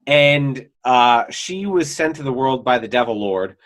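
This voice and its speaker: A man's voice: medium pitch, lively intonation, measured pace, fairly bright tone. A man co-hosting a podcast, recapping an anime's plot casually with playful, jokey asides. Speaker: podcast co-host.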